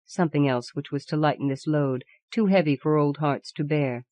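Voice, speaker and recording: A woman narrating an audiobook in a measured, grave storytelling manner. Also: low voice, mellow, no room sound. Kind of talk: scripted narration of a horror tale.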